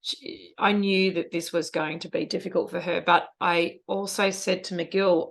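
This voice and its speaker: A woman's voice: on the low side, level tone, measured pace, gravelly, hardly any pauses. A middle-aged woman co-hosting a podcast, talking in an earnest, emotional, reflective way about parenting and feelings. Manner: earnest, emotional, spiritual wording. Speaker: podcast co-host. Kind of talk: casual reflective chat.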